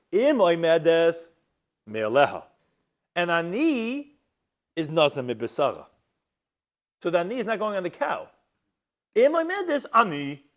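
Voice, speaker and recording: Animated man teaching a Talmud class. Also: fairly high pitch. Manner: animated, rhetorical questions, mixes Hebrew and Aramaic terms. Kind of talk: Talmud lecture.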